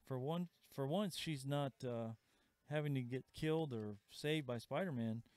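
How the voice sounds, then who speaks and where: A man hosting a live comic shop sale, chatting casually and pitching items with asides. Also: measured pace, darkish tone, no room sound. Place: comic store. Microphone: livestream camera mic.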